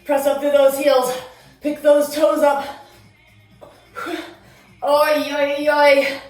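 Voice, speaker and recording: A woman instructor coaching a workout, energetic, counting down reps and chatting between moves, out of breath. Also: high voice, drawn-out words. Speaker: fitness instructor. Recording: roomy echo, distant mic, music behind.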